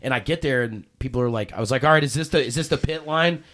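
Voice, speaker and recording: Man, podcast guest, casual storytelling, swears a lot, acts out quotes, mid-pitch voice. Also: fast talker. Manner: profane, animated retelling with acted quotes.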